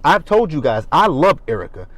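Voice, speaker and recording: A man's voice: a little high, big pitch swings, moderate pace, fairly bright tone, no room sound, poor audio. A man in his thirties giving a blunt, profane casual recap of a reality TV episode from his car. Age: 30s. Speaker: reality TV reviewer. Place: parked car.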